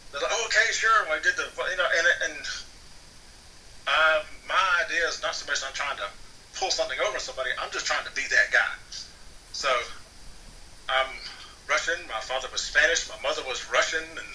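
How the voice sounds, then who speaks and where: A man spins a loose, rambling story, often doubling back on his words. His voice is strikingly bright and forward. He sits somewhat away from the microphone, with a faint hiss of noise underneath. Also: fairly high pitch, distant mic, poor audio. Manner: rambling, repeats words as he restarts sentences. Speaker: actor guest. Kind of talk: casual storytelling. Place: home near Atlanta.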